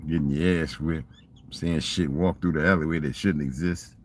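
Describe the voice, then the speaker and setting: A man's voice: very deep voice, fairly even intonation, normal speed, a little hiss or hum. An older man telling rambling, profane stories in a casual monologue and asking rhetorical questions. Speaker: vlogger.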